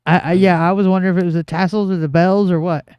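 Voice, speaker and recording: A woman's voice: on the low side, fairly even intonation, fast, a little mellow, smooth, no echo. A woman co-hosting a casual livestream, chatting and laughing alongside the host as she follows the comments. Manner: giggly, chatty asides.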